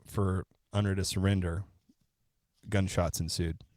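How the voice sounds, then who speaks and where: A man with a very low voice tells a true-crime story casually on a podcast. The sound is dry and close, with no room around it. He co-hosts and sometimes swears. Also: a little slow, dry recording. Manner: relaxed, profane, retells events step by step. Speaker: podcast co-host.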